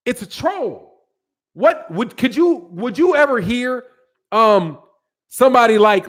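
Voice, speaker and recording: A man with a fairly high speaking voice hosts a boxing live stream. He talks in emphatic, repetitive bursts, stressing each point twice over between viewer chat messages. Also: a bit bright. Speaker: boxing channel host. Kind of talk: live-stream commentary reading viewer chats.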